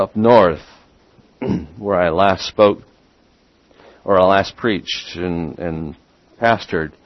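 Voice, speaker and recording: A man preaching a sermon as a pastor, getting excited and repeating words as he builds up. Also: on the low side, no room sound, lo-fi sound.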